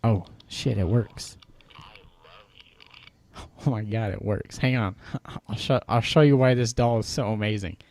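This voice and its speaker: A man's voice: fairly low pitch, measured pace, long pauses, a little mellow. A man in casual podcast chat, laughing often as he tells a story about a creepy toy.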